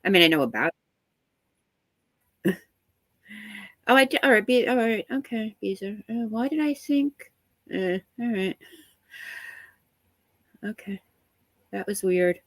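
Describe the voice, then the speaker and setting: A woman with a head cold chats on a live stream from a small room at home, sounding a bit congested. She rambles, laughs often and greets viewers by name. Her voice is mid-pitched and close to a dry mic. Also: expressive, takes it slowly, pauses often, fairly bright tone, no echo, poor audio. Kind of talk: casual live-stream chat.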